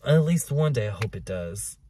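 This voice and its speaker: A man hosting his own podcast in a candid, profane, emotional monologue, sometimes loud and sometimes hushed, recorded outdoors in a park on the camera's mic. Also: lowish voice, big pitch swings, normal speed, slight background noise. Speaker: podcast host. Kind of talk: confessional solo podcast monologue. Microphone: camera recording him.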